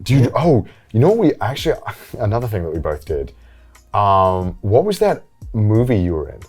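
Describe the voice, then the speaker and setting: Give me a man co-hosting a podcast, animated and low-voiced, acting out what people said. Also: moderate pace, breathy edge, faint music behind. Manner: animated storyteller, acts out quotes. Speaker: podcast co-host. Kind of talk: casual chat.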